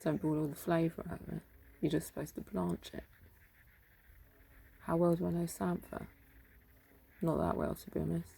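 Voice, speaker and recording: A tired woman in her fifties drifts from thought to thought as she potters around her garden, recorded on a phone. Her voice is low, mellow and heavily gravelly, with a husky edge, and she often slips into a whisper. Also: little pitch movement, normal speed, pauses often. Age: 50s. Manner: musing aloud to herself, drifting between topics, sometimes whispering. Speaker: vlogger. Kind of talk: rambling solo chat. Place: home garden outdoors.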